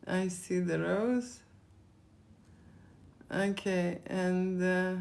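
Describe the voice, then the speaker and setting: A woman's voice: medium pitch, darkish tone. A woman from Lithuania with a Lithuanian accent, chatting on a live stream, rambling and repeating herself as she answers viewer questions. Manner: rambling, repeats words, frequent fillers.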